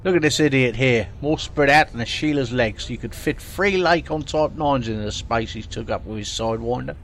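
A man's voice: medium pitch, a little fast, a bit bright, a little hiss or hum, lightly acted. A man doing a brash Australian parking warden. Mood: gruff. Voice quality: brash, sweary and blunt. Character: foul-mouthed male space station parking warden.

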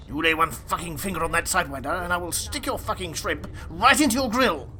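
A woman's voice: fairly low pitch, expressive, pushed and bright, pitched below the performer's own voice. A woman voicing a pompous, hot-tempered male station commander. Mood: furious. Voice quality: entitled and quick to rage.

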